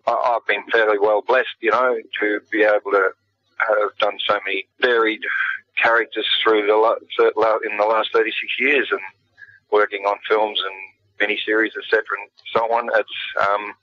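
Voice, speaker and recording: A man's voice: fairly low pitch, little pitch movement, normal speed, no echo. A middle-aged man with an Australian accent, a guest actor talking in a laid-back, plain-spoken way with frequent restarts. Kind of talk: casual radio interview. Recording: dull lo-fi radio sound.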